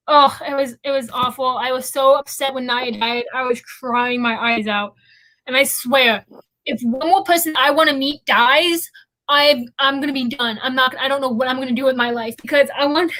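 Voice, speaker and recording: Bright high-voiced young woman host. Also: poor audio. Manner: rambling, chatty, goes off on tangents. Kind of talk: casual livestream chat.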